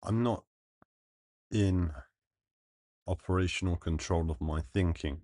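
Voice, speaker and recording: A man talking earnestly to his livestream, thinking aloud in halting phrases with pauses and restarts. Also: low voice, mellow, no echo, clean studio sound. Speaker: live streamer.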